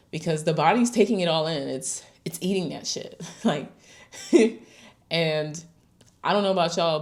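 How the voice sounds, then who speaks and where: A woman's voice: low voice, darkish tone. A woman hosting a casual, candid monologue, full of fillers and the odd swear word. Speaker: host.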